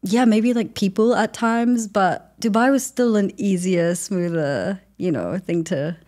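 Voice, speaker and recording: A woman's voice: mid-range voice, a little slow, darkish tone. A young woman from New Zealand, a guest in a casual interview, chatting with frequent fillers and laughter.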